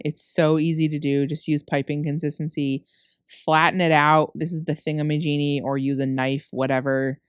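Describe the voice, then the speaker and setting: Low and a bit dark, this woman's voice comes through clean and dry on a close mic in a studio setting. She narrates her cookie decorating tutorial in a chatty, rambling voice-over, correcting herself as she goes. It's late at night, she's tired, and she laughs at her own slips.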